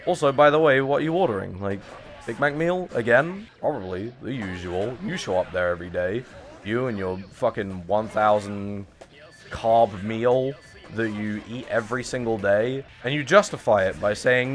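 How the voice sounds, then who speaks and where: Young man, twenties, streamer, casual gaming chatter, self-mocking jokes, middle pitch. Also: lively intonation, moderate pace. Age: 20s. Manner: rambling, jokey and self-mocking, talking to chat.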